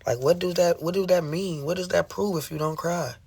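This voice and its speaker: A speaker at a middling pitch pours out an emotional rant to a livestream audience. The delivery is confrontational and full of rhetorical questions. Phrases come back again and again for emphasis, with plenty of swearing. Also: fairly quick, gravelly, a little mellow, slightly rough. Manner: swearing, impassioned.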